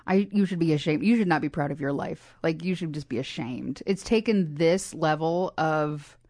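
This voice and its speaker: Casting: low-pitched sarcastic woman podcaster, dry close sound. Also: normal speed, a little mellow, dry recording. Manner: sarcastic, laughs often. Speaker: podcast co-host. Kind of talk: casual chat recapping a cartoon.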